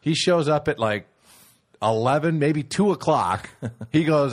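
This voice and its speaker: A man's voice: fairly high pitch, lively intonation, a little slow. A man in casual chat who laughs through his stories and swears.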